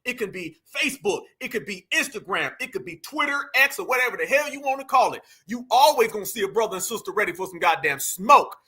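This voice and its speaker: A man's voice: high voice, animated, fast, hardly any pauses, pushed and bright, breathy edge. A man, hosting casual reaction commentary, emphatic and profane, calling his viewers fam. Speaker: commentary channel host.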